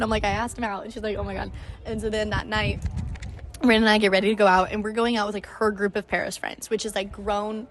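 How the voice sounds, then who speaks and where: This is a nineteen-year-old woman on her own podcast, chatting through a story with plenty of "like" and dramatized quotes. Her medium-pitched voice keeps a steady tone at a quick pace.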